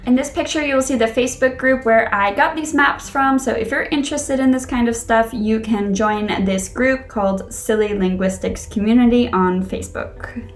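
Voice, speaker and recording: A woman's voice: fairly high pitch, normal speed, soft background music. Chatty Connecticut woman teaching dialects. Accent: Western New England. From Connecticut, USA. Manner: chatty, thinking aloud with many ums. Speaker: English teacher. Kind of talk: casual explanatory lesson.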